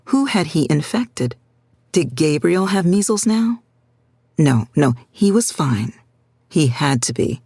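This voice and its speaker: Low, husky woman narrating a story. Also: animated, measured pace, a little mellow, no echo. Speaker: audiobook narrator. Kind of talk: scripted narration of a drama.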